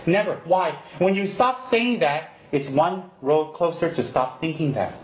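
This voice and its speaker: Animated male Buddhist teacher, roomy lo-fi recording. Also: fairly high pitch, unhurried. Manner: animated and teasing, mimics excuses, repeats emphatic warnings. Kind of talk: unscripted dharma talk to students. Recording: roomy, dull lo-fi recording with faint hiss.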